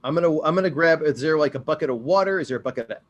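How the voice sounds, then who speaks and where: A man playing a tabletop game, joking and animated as he describes his moves and rolls. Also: on the high side, racing, dull audio. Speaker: player. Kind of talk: casual tabletop play.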